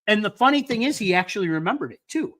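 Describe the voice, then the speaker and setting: A man hosting a casual hockey watch party, telling stories animatedly and stumbling over repeated words when excited. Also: high voice, fast. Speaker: host. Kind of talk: casual chat.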